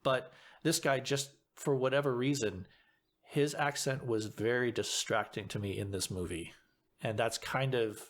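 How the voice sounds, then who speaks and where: Halting, thoughtful man in casual chat. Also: medium pitch. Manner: thoughtful, halting, frequent restarts. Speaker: guest actor.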